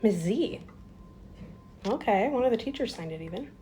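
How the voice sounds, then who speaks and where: A young school aide vlogs casually into her phone in a classroom, chatty and full of fillers, her emotions pushing her close to tears. Her voice runs on the high side and is animated, at a moderate pace, over a noisy background.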